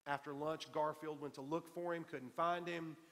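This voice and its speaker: A man preaching to a congregation, his voice sitting a little high and carrying a long tail of reverb through the church hall. He tells stories with emphasis and repeats his key lines for weight. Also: steady tone, moderate pace, a bit bright. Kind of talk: sermon. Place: church sanctuary.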